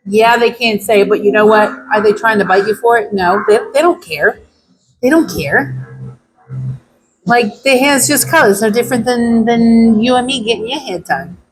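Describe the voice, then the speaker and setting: A woman's voice: fairly high pitch, fairly quick, hardly any pauses, a little hiss or hum, rough recording. A woman dog groomer chatting casually as she works, blunt and opinionated. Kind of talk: casual chat while grooming.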